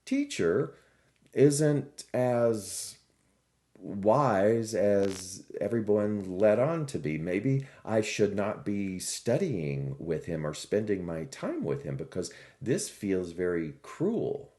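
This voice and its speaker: A man's voice: fairly low pitch, very animated, slow pace, warm tone. A man voicing a troubled male student who earnestly questions his teacher and pleads for guidance.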